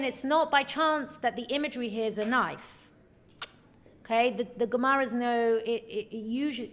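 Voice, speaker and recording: A woman with a slightly high, fairly bright voice gives a recorded Torah lecture. She teaches earnestly and emphatically, frequently checking in with her listeners.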